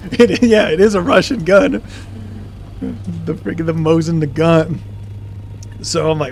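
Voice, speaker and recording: A man's voice: on the high side, steady tone, takes it slowly, vocal fry, pauses often, slight background noise. A young man streaming a game, telling a long story in a rambling, casual way with many fillers and restarts. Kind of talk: casual storytelling while gaming.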